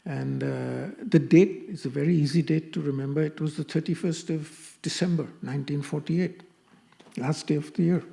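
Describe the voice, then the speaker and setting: A man's voice: on the high side, steady tone, moderate pace, gravelly, warm tone. An older man from Pakistan telling stories at a spiritual gathering, acting out the dialogue he quotes. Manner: anecdotal, acts out quoted dialogue. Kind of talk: storytelling talk.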